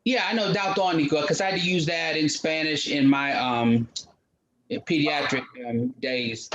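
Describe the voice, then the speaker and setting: Male, fairly high voice, patient explainer, muffled call audio. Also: normal speed, a crowd in the background. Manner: explains patiently, mixes in Portuguese words. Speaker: native-speaker conversation partner. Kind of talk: casual conversation.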